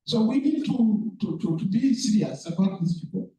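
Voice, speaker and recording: A man giving a conference presentation, talking in a halting, earnest way and repeating words as he goes. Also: high-pitched, expressive, warm tone, slight background noise. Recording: echoey room, speaker far from mic.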